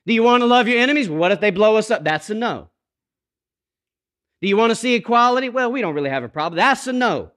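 A man with a notably high voice delivers a sermon. He drops to near-hushed tones, then builds to emphatic, rhythmic repetition aimed at his congregation. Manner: dynamic preaching, swings from hushed to emphatic. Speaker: pastor.

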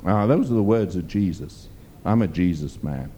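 A man's voice: sits low, lively intonation, normal speed, dark tone, slight background noise. A man preaching a sermon, emphatic and rambling as he tells stories. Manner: emphatic, rambling storytelling with fillers.

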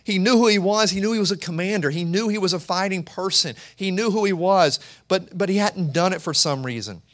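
A man's voice: high-pitched, a little fast, a bit bright. A man preaching a sermon as pastor, in a conversational way, often repeating words as he searches for the next phrase.

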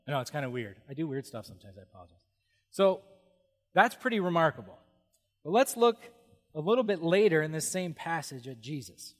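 A middle-aged male pastor preaching with lively humor and frequent exclamations of awe. His voice sits a little higher than most men's and rings with the long reverb of a big hall. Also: fairly quick. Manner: animated, humorous, exclaims "whoa". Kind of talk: sermon.

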